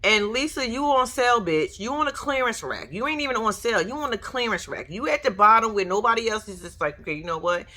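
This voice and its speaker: A woman in a casual reaction commentary, blunt and profane as she talks straight to her viewers. Her pitch swings all over the place, and her voice is bright and sharp. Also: expressive, brisk, few pauses. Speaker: reality TV commentator.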